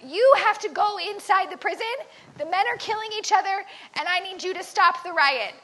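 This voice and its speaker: A woman's voice: extremely high pitch, lively intonation, normal speed, fairly bright tone. A woman voicing a stern, pushy male prison warden in a story for children. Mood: insistent. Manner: insistent, commanding.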